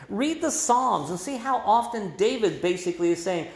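A man's voice: high voice, animated, moderate pace, hardly any pauses. A man preaching a sermon, explaining scripture in a conversational way and adding emphasis with quoted voices. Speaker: pastor. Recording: roomy echo.

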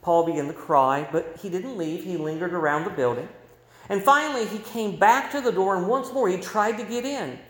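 A male pastor preaching a sermon in a church, telling a story and moving between loud and hushed delivery. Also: high voice, normal speed. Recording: roomy echo.

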